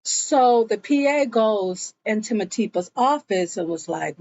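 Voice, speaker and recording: A woman retells a drama episode in a chatty, storytelling way, her pitch swinging up and down as she goes. She takes her time over each beat. The sound is a little dull and lo-fi. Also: unhurried, no room sound. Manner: animated storytelling that slips into the characters' lines. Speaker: show recap vlogger. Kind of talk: casual episode recap. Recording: dull lo-fi audio.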